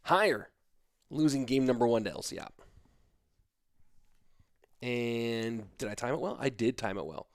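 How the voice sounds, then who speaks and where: A man's voice: mid-range voice, unhurried, long pauses, no room sound, studio quality. A tired man in his thirties casting an esports match on a live stream, chatting casually and reading viewer comments aloud between plays. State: sleepy. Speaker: esports caster.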